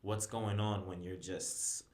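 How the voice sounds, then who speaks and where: Deep-voiced man, earnest, in an echoey room. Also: flat delivery, slow, a little mellow. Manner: earnest, emphatic. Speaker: podcast guest. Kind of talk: casual chat.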